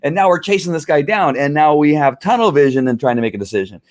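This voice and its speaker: A man's voice: fairly high pitch, animated, fast, darkish tone. A middle-aged man hosting a live stream on police training, talking in an earnest, fired-up way with many restarts and fillers. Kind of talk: live-streamed casual talk.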